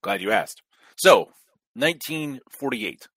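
A male guest on a talk stream, explaining at length in a steady lecturing way with fillers. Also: medium pitch, slow, husky, dry recording.

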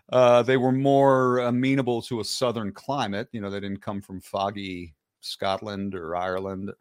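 A man's voice: fairly low pitch, level tone, unhurried, dry recording, clean studio sound. A man talking as a guest author in a casual podcast conversation, rambling and digressive with frequent restarts.

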